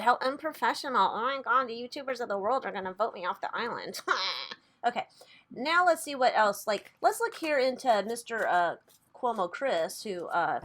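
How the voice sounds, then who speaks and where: A woman's voice: a little high, fairly bright tone, a little hiss or hum. Chatty woman reading tarot, swearing casually. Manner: chatty, swears freely, laughs at herself. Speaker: tarot reader and channel host.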